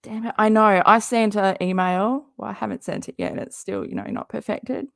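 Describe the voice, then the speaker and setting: A woman's voice: mid-range voice, fairly even intonation, normal speed, creaky, a bit bright, no echo, studio quality. A woman hosting a casual reaction livestream, chatty and sarcastic, rambling and laughing often. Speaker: livestream host.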